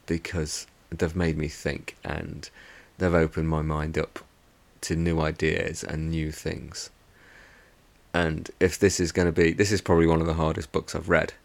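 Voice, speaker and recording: A man's voice: very deep voice, flat delivery, unhurried, gravelly. A man hosting a podcast, giving a casual, rambling book review full of hesitant restarts. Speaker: podcast host.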